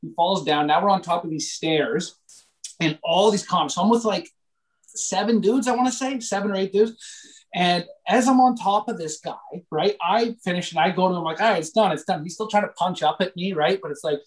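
A young man, a comedian from Canada, telling a story in casual podcast chat, animated and full of swearing and fillers. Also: high-pitched, fairly quick, poor audio.

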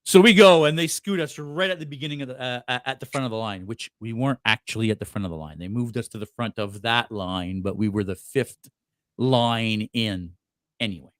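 A man's voice: mid-range voice, normal speed, no room sound, clean studio sound. A man co-hosting a podcast, telling a story in casual chat with lots of fillers, restarts and laughter. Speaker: podcast co-host.

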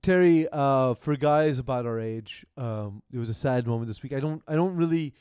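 A man's voice: mid-range voice, normal speed, a little mellow, smooth, no room sound, studio quality. A man telling stories in a casual sports chat, often repeating words as he starts a thought. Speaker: co-host.

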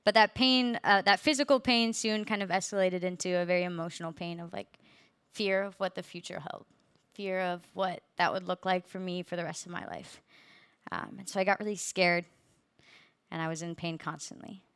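A woman's voice: on the low side, steady tone, normal speed, a bit bright, smooth, no echo. A young woman earnestly sharing her personal faith testimony with a group, with many fillers. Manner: earnest, many fillers, laughs through hard parts.

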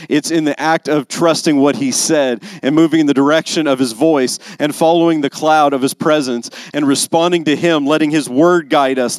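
A man's voice: fairly high pitch, no echo. A man preaching a sermon as pastor, building to emphatic, intense passages. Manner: rising to emphatic intensity on key lines.

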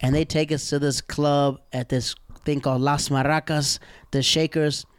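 A young man from the American South telling animated, slangy stories in casual chat, acting out the people he quotes. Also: a little high, moderate pace, smooth, dry recording.

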